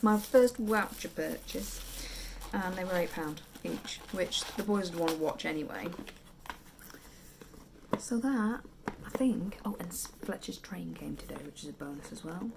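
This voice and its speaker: A British woman in her thirties talks casually into a handheld camera, tired and chatty. Her voice has a gravelly, fry-tinged edge, and she keeps slipping into hushed, whispered asides. A faint hum of noise sits under her. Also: lowish voice, normal speed. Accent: British English. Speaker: vlogger and mother. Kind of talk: casual vlog chat.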